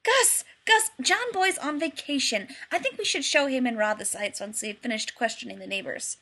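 An exuberant, wisecracking young man who pretends to be psychic, put on by a woman reading a storybook. He talks high, bright and loud, bouncing from joke to joke with a gravelly edge. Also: animated, a little fast, exaggerated voice. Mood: giddy.

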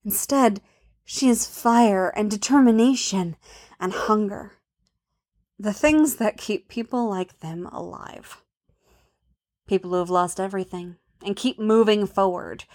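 Soft-voiced woman narrating a story. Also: mid-range voice, slow. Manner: soft, intimate, often dropping to a hush. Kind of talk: reading an adult fan fiction story.

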